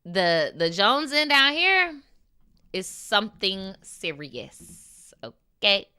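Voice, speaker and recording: A woman streamer reading viewer stories aloud and reacting in a casual, slangy, animated way. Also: mid-range voice, slow pace, smooth. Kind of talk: casual chat and story reading. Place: lives in New York.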